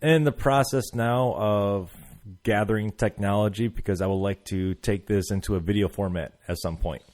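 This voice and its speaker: A man's voice: on the low side, fairly even intonation, moderate pace, a little mellow. A man hosting a casual podcast chat, blunt and swearing freely. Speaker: podcast host.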